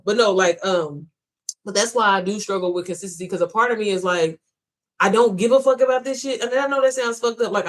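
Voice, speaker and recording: A woman talks fast and freely to her viewers in a casual vlog, blunt and full of swearing. She rambles and restarts often, loops back to "you know what I'm saying", and calls her audience "y'all" like a coach hyping them up. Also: medium pitch. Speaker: women's business coach. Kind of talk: casual motivational vlog monologue.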